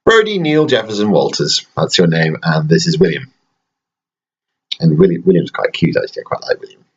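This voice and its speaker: A man in his thirties, a father chatting at home in a rambling, gently joking bedtime talk to his baby, with dry asides. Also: sits low, breathy edge, muffled recording. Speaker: father recording a bedtime video. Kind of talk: casual bedtime chat to a baby.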